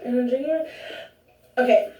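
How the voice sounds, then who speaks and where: A woman's voice: high-pitched, steady tone, moderate pace, mellow, muffled recording, slight background noise. Chatty young woman in an echoey room. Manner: rambling, chatty, self-interrupting. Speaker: vlogger. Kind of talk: casual chat to camera. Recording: roomy echo, distant from the mic.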